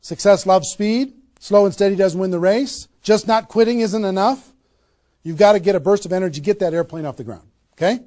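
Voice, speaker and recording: A man with a high-pitched voice leads a motivational sales seminar. He talks with punchy emphasis and fires off rhetorical questions to a small live audience. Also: a little fast, mellow. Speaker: network marketing trainer.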